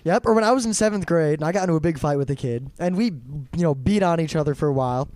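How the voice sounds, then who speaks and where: A man's voice: fairly high pitch, fast, a little mellow, dry recording. Young man co-hosting a chatty podcast. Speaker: podcast co-host. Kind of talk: casual podcast chat.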